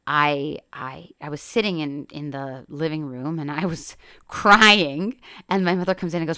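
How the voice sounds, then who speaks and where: A woman's voice: low-pitched, unhurried, pushed and bright, clean tone, no room sound, clean studio sound. A woman life coach talking casually on her own podcast, candid and chatty, swearing freely and laughing often. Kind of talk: casual solo podcast talk.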